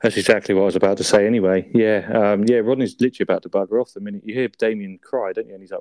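A man's voice: lowish voice, steady tone, quick pace, a little mellow, no echo, clean studio sound. A young man co-hosting a casual chat about a sitcom episode, laughing often and acting out quoted lines. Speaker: podcast co-host.

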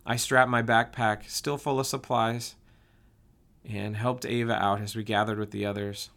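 A man's voice: fairly low pitch, level tone, moderate pace, fairly bright tone. Man reading a first-person story. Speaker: audiobook narrator.

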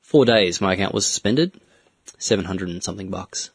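A man with an Australian accent, co-hosting a casual chat and telling his story in a steady, matter-of-fact way. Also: sits low, moderate pace, vocal fry, breathy edge, no echo. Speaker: podcast co-host.

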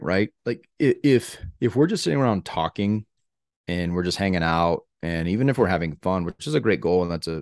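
A man's voice: deep voice, a little mellow, dry recording, studio quality. A man co-hosting a podcast, talking earnestly and motivationally in a casual chat, with lots of filler words. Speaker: podcast co-host.

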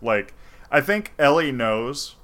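A man in casual chat, retelling a game's story in an animated, profane way. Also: medium pitch, slow. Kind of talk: casual chat retelling a video game plot.

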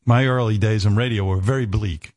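Middle-aged male radio host, low-pitched, crude and self-deprecating, close and dry. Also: steady tone, a little fast, darkish tone, no room sound. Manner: blunt and profane, self-deprecating. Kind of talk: candid on-air talk.

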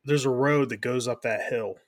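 A man's voice: medium pitch, dry recording, clean studio sound. A married man co-hosting a podcast, telling a meandering anecdote in casual chat. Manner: meandering, halting with fillers. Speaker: podcast co-host.

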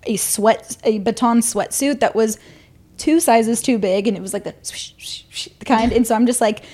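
A woman's voice: on the high side, normal speed, warm tone. A young woman co-hosting a podcast, telling a school story in casual chat with lots of laughs. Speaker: podcast co-host.

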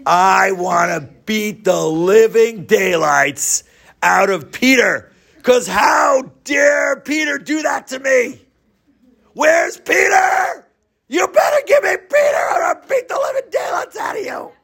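A man's voice: extremely high pitch, animated, slow pace, vocal fry, breathy edge, voice pushed up, full character voice. A man doing a bellowing, furious bar bully. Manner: shouting, wailing threats.

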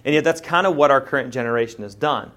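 A man's voice: mid-range voice, quick pace. Conversational man preaching a sermon. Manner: conversational and storytelling, with lively jokes and asides. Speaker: pastor.

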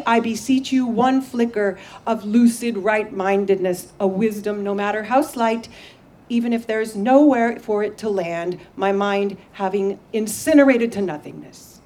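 A woman poet performing her poems at a live reading, intense and dramatic by turns and wry and self-mocking by turns. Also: on the high side. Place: outdoor backyard venue.

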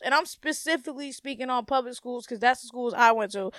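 A young woman hosting her own podcast, ranting in a blunt, profane, animated way and laughing often. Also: sits high, fast talker, clear, resonant tone, dry recording, studio quality. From United States. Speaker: podcast host. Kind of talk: casual solo podcast rant.

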